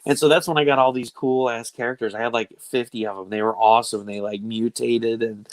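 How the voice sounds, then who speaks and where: Host: excitable guy, mid-pitch, rambling, dry close sound. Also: a little fast, no room sound. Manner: enthusiastic, rambling, laughs often. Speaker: show host. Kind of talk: casual chat.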